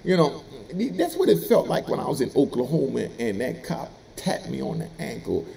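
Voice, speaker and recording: Brief: middle-aged man, ex-prisoner storyteller, gravelly, lively swings in pitch, casual street talk. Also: normal speed, a little hiss or hum. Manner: animated, streetwise, laughs while telling. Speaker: former prisoner telling stories.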